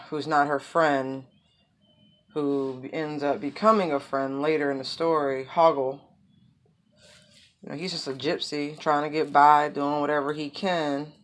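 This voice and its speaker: A woman giving a casual tarot reading, rambling with many asides and fillers. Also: low-pitched. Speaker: tarot reader.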